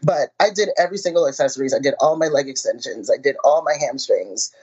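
Husky woman, lively self-mocking storyteller. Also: extremely low pitch, quick pace. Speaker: powerlifter guest. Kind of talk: casual interview talk. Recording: muffled lo-fi audio.

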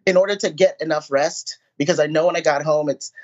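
A woman powerlifter talking in a casual interview, animated and self-mocking, laughing as she tells stories. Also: low voice, fairly quick. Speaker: powerlifter guest. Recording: muffled lo-fi audio.

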